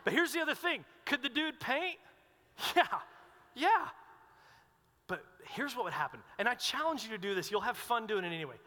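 Young guy preaching, bright high voice, big echoey hall, gets loud then goes quiet. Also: moderate pace. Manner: animated storytelling, swings between loud and hushed. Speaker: pastor. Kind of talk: sermon. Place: large hall with long reverb. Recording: long hall reverb.

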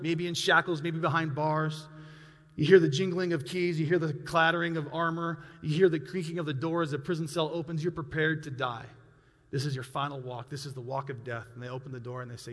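Male pastor, earnest sermon, slightly high voice, long church reverb. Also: fairly even intonation, a little fast, fairly bright tone. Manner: earnest, imaginative storytelling, rising for emphasis. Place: church sanctuary.

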